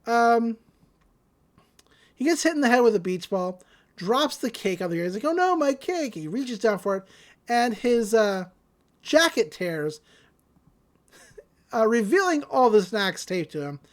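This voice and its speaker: A woman's voice: mid-range voice, animated, measured pace, pauses often. Woman podcast host, casual chatty recap, middling voice, lots of fillers.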